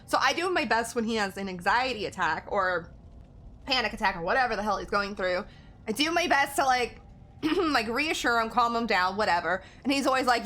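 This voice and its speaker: A woman's voice: a little high, animated, brisk, sharp tone. A young woman streaming a game, chatting casually with a friend and her viewers and laughing often. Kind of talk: casual chat while livestreaming a game.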